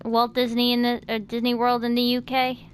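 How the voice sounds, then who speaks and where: A woman's voice: a little high, completely flat delivery, normal speed, a little hiss or hum. An American woman hosting a casual chat, talking in loose sentences full of fillers and restarts. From United States. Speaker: host.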